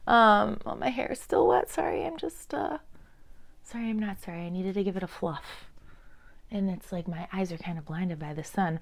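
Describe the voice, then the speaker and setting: A woman in her thirties doing an intuitive oracle card reading to camera, chatting in a meandering way with fillers, and sometimes dropping to soft murmurs. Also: medium pitch, moderate pace. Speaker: tarot and oracle card reader.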